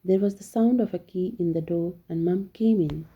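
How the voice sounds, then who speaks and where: A woman reading a children's picture book aloud with steady, careful storytelling. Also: on the low side, normal speed, husky, dull audio. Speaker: storybook reader.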